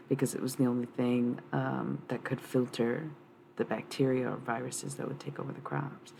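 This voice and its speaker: Gravelly-voiced woman reading tarot live, rambly and blunt, cusses a lot, bit of hiss behind her. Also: extremely low pitch, darkish tone. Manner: rambling, blunt and profane, laughs often. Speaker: livestream tarot reader. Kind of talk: casual tarot reading on a livestream.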